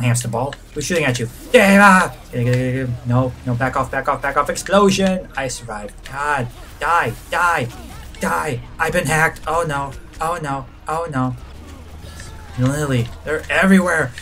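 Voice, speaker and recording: A man commenting live on his gameplay, his voice swinging widely in pitch as he yelps and mutters to himself. Faint game music plays behind him. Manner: excitable, reacts loudly to the action, mutters to himself. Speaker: gaming channel host.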